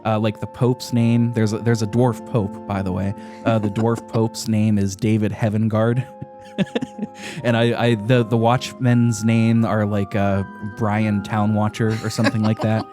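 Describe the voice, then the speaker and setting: A man's voice: lowish voice, level tone, measured pace, over music. A man hosting a podcast, enthusiastically recapping a video game in casual, profane chat, often laughing. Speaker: podcast host.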